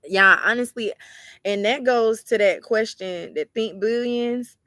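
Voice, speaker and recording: Chatty woman with a bright voice. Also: on the high side, unhurried, dry recording, studio quality. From Georgia, US. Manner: chatty, relaxed, talks straight to the viewers as y'all. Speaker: livestream host and tarot reader. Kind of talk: casual livestream chat reading viewer comments.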